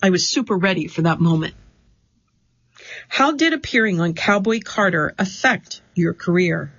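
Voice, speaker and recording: A radio reading service host reads a printed interview aloud, questions and answers alike. The delivery is even and measured. The sound is muffled and lo-fi, and the booth is dry. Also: mid-range voice, no echo. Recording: dull lo-fi dry studio sound.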